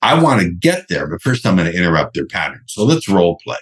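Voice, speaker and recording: A man's voice: deep voice, very animated, quick pace, breathy edge. A man being interviewed as a sales trainer, talking bluntly and brashly and swearing freely. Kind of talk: podcast interview.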